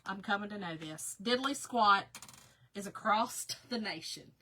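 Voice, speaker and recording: A woman's voice: medium pitch, unhurried, pushed and bright, slightly rough. A woman with a Southern American accent, chatting casually with viewers on a craft livestream while she works, laughing often and greeting people by name. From Southern United States.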